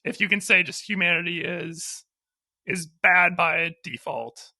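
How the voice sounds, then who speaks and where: Podcast co-host, man with a high, very bright voice, hesitant and reflective. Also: steady tone, a little slow. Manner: thoughtful, hesitant, frequent restarts, laughs easily. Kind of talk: conversational theology podcast.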